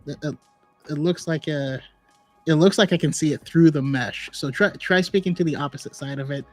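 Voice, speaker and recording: Man, podcast host, casual online chat, relaxed and chatty, slightly high voice. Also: normal speed, faint music behind.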